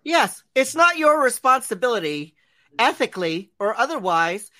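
A woman's voice: fairly high pitch, very animated, moderate pace, bright, forceful tone. A woman co-hosting a casual chat show, blunt and opinionated. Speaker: co-host.

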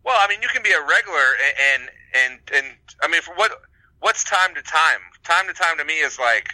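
A man co-hosting a casual chat show, talking in a halting way with lots of fillers and restarts. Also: a little high, lively intonation, bright, forceful tone, no echo, low-quality recording. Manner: hesitant, many fillers and restarts. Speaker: podcast co-host.

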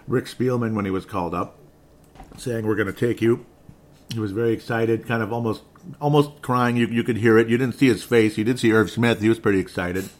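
A man giving casual solo commentary on football draft picks, rambling and correcting himself as he talks. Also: fairly low pitch. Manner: rambling, self-correcting, conversational. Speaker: sports podcast host.

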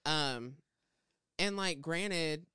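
A man's voice: fairly high pitch, extremely slow, sharp tone, smooth, no echo, clean studio sound. A man co-hosting a podcast, casually telling a long salon story with lots of fillers. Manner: chatty, rambling with fillers. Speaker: podcast co-host, hairstylist.

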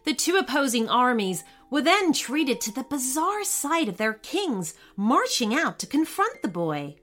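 A woman narrating a children's story in an expressive, unhurried way. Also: sits high. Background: faint music.

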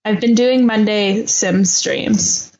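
A woman's voice: mid-range voice, lively intonation, slow pace, a little mellow, lo-fi sound. An enthusiastic woman co-host in casual podcast chat, playful and chatty in her delivery. A faint hiss of noise sits under her voice.

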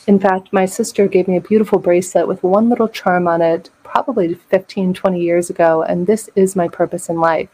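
Lower-voiced woman telling a candid story. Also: fairly even intonation, a little fast, hardly any pauses, dark tone, husky, poor audio. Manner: dramatic, acts out quoted voices, laughs often. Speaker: podcast guest.

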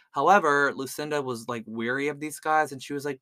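A man's voice: fairly high pitch, steady tone, fairly quick, few pauses, bright, forceful tone, dry recording. A man hosting a podcast, telling a true-crime story in a casual, chatty way, often stumbling over words and saying "like.". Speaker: podcast host.

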